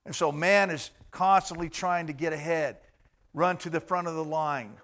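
A man preaching a sermon to a congregation, addressing listeners directly and swinging between loud emphatic bursts and quiet asides. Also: on the high side, normal speed. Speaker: pastor.

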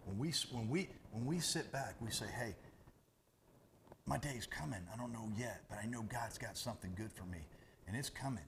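A man preaching a sermon as pastor, animated and conversational, jumping from loud bursts to hushed asides. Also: medium pitch, normal speed, background noise.

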